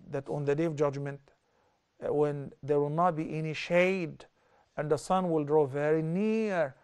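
A middle-aged man explains scripture in a televised religious lesson. His voice sits a little high. He talks earnestly and lifts sharply in pitch and volume to stress his points. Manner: lively, with sharp rises in pitch and loudness for stress. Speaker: religious teacher.

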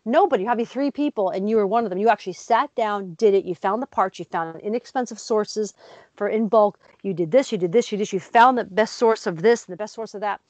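A woman co-hosting a casual talk show, telling stories with lively acted-out voices. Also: medium pitch, brisk, dry recording. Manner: lively storyteller, acts out voices. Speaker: co-host. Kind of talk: casual chat.

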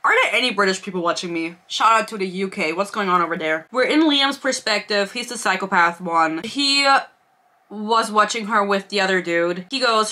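A woman's voice: mid-range voice, a little fast, sharp tone. A woman in her twenties giving a casual, sarcastic book review vlog, laughing and reading excerpts aloud.

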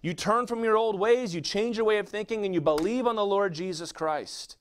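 A man's voice: sits high, moderate pace, clear, resonant tone. A man preaching a sermon as a pastor, asking rhetorical questions and answering them himself.

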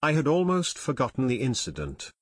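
In this storybook reading, a somber, grieving older airfield owner, as a male narrator puts him on speaks gravely at a middle pitch. The recording is dry and close. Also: huge pitch swings, a little fast, dry recording.

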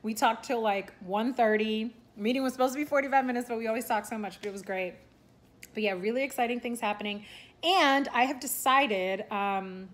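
A young woman chatting casually in a vlog, rambling with lots of fillers and restarts. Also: medium pitch. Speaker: vlogger and aspiring content creator. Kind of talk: casual talking-head vlog.

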